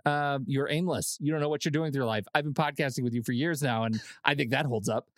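A man's voice: medium pitch, quick pace. A man co-hosting a podcast in casual chat, joking and thinking aloud in rambling lists. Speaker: podcast co-host.

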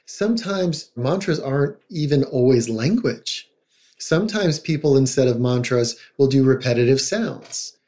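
A man's voice: medium pitch, lively intonation, unhurried, mellow. A middle-aged man, a psychologist guest on a podcast, talking casually and now and then acting out quoted voices. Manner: conversational, acts out quoted voices.

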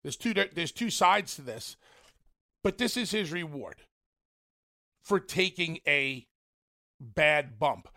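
A man co-hosts a radio talk show, setting up the topic with lively, excited build-ups. His voice sits somewhat high for a man. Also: slow, long pauses.

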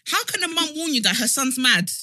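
A woman's voice: high-pitched, expressive, a little fast, sharp tone, no echo, clean studio sound. A woman co-hosting a podcast, chatting casually with lots of laughs and slang. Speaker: podcast co-host. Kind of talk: casual chat.

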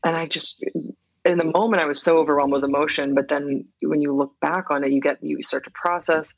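A woman songwriter speaks as a podcast guest in a candid interview conversation, reflective and laughing frequently, with lots of "like" fillers. Her low voice is creaky, with fairly even intonation and a brisk pace, captured in a rough recording with no room sound.

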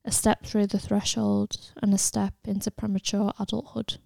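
A woman narrating an audiobook in a steady, even storytelling manner, recorded close in a studio. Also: medium pitch, normal speed, creaky, no room sound. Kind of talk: scripted narration.

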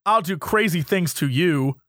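A man voicing a pleading scammer chatbot that poses as a flirty woman, in a flat, wheedling, slightly lowered voice. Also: normal speed, no echo, studio quality.

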